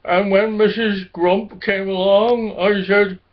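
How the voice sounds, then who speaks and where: A man's voice: high voice, little pitch movement, slow pace, voice pushed up. A man putting on a mournful lonely cow. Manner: mournful, whiny storybook voice. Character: sad lonely female cow, mournful and plaintive. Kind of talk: children's storybook reading. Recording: dull lo-fi recording.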